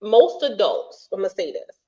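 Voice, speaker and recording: A woman's voice: mid-range voice, very animated, normal speed, dark tone, muffled recording. A woman co-hosting a casual chat podcast, ranting bluntly and often restarting her sentences. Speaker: podcast co-host.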